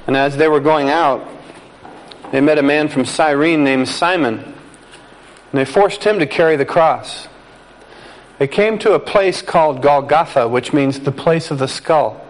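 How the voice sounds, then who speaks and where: A man preaching a sermon, reading scripture slowly and deliberately, with calm conversational asides. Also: on the high side, rough recording. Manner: slow, deliberate reading with emphatic pauses.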